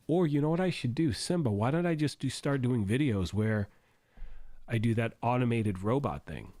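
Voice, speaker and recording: A man hosting a gaming livestream, hoarse and losing his voice, rambling and thinking out loud while reading chat. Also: medium pitch, animated, normal speed, no room sound.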